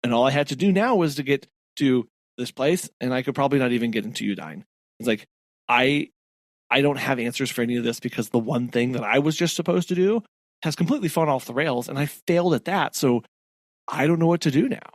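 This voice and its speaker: A man's voice: mid-range voice, fast talker, dry recording, studio quality. A man co-hosting a podcast, chatting casually about a book and acting out character quotes. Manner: animated, acts out character quotes. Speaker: podcast co-host. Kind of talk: casual book-club chat.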